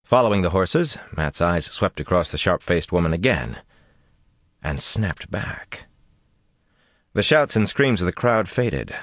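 Deep-voiced dramatic male narrator. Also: measured pace, no echo, studio quality. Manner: expressive, dramatic storytelling. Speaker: audiobook narrator. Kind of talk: fantasy audiobook narration.

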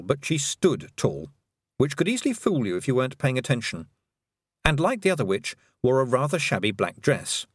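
A man narrating a storybook in an animated reading voice. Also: medium pitch, slightly rough, no echo, studio quality. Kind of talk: audiobook narration.

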